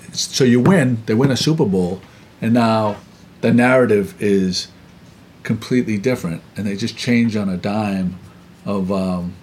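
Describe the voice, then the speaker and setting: A man with a fairly low voice hosts the interview, piecing his questions together slowly with lots of "uh" and "you know." His talk stumbles and restarts, and a faint noise floor runs behind him. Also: a little mellow. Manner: halting, stumbling questions with many fillers. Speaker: interview host.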